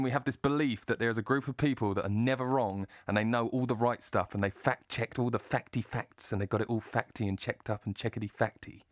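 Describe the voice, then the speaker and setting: A man's voice: medium pitch, no room sound, clean studio sound. A man vlogging a sarcastic, profane rant to camera, telling a story and airing a grievance. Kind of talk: ranting monologue to camera.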